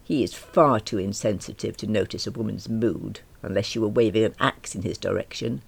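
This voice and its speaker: Wry woman narrating, gravelly. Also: rumbling low, a little fast. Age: middle-aged. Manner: wry and self-deprecating. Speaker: audiobook narrator. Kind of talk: first-person audiobook narration.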